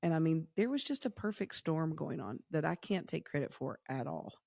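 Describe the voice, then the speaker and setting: Gravelly woman telling a story. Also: low voice, moderate pace, dry recording, studio quality. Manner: lively storyteller acting out quotes. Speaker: nonprofit founder, guest. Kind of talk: casual storytelling interview.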